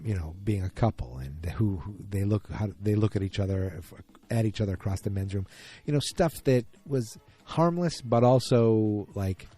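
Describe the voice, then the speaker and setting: A man's voice: fairly low pitch, mellow. A man hosting a casual solo podcast, recapping an episode in a rambling, self-correcting way. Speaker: podcast host.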